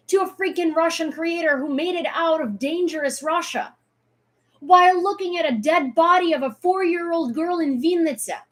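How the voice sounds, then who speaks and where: A woman's voice: extremely high pitch, normal speed. A woman from Ukraine ranting on a live stream, sarcastic and heated, swearing freely as she argues. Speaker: social media creator.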